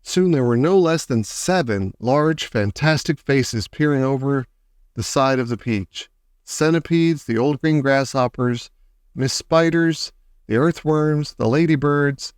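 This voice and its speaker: A man's voice: mid-range voice, no room sound, clean studio sound. Man reading a storybook aloud. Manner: expressive, lively character voices. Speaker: audiobook narrator.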